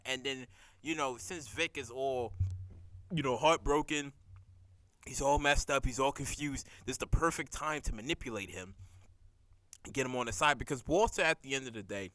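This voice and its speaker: A man recapping a TV episode in casual, profane chat, animated and laughing as he acts out scenes. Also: medium pitch, moderate pace, no room sound.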